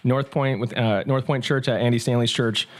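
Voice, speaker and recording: Male pastor guest, mid-pitched, lively talker with quick bursts and restarts. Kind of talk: conversational interview storytelling.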